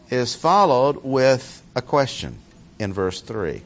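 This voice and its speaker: A man's voice: mid-range voice, very animated, slow, fairly bright tone. Emphatic male Bible teacher. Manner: emphatic, repeats key words for stress.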